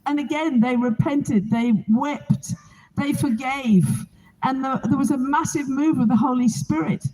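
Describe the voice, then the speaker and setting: A high-pitched woman speaks to a gathered crowd outdoors. Her delivery is earnest and heartfelt, in the manner of a preacher sharing her testimony. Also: a little slow, warm tone, poor audio. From England. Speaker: Bible reading organizer.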